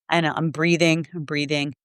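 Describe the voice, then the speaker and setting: Middle-aged woman telling her story on a podcast, earnest, says "like" a lot, smooth low-ish voice. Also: little pitch movement, measured pace, no room sound, clean studio sound. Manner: earnest, heartfelt, lots of "like". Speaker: podcast guest, Reiki teacher. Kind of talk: personal storytelling in conversation.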